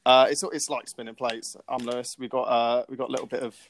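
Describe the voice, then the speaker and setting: A man's voice: mid-range voice, level tone, fast talker. Jokey man on a podcast. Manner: jokey, rambling, laughs often. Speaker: podcast co-host. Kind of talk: casual chat.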